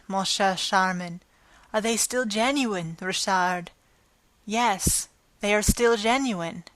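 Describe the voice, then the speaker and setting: A woman narrating a classic novel as an audiobook, with a measured, expressive reading. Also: medium pitch, smooth, no room sound.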